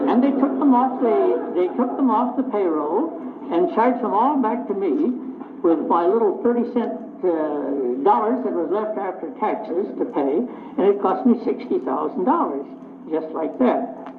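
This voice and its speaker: An older man with a high voice gives a folksy, plainspoken speech to a club audience and acts out both sides of the conversations he recounts. It sounds like an old vinyl record, tinny and narrow, with echo from the hall and a faint hiss. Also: lively intonation, measured pace. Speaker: speaker addressing a club luncheon. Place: meeting hall.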